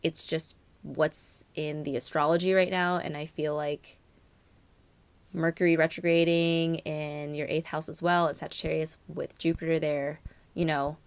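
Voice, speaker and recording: Low-voiced chatty woman tarot reader. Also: clean tone, dry recording. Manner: rambling, many fillers and "like". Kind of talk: casual astrology reading.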